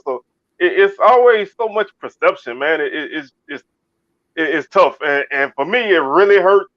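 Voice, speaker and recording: His pitch is fairly high, and he's a Baton Rouge, Louisiana man co-hosting a relaxed sports talk show. He frequently restarts and repeats what he's saying. There's no echo on the dull, dry, lo-fi recording.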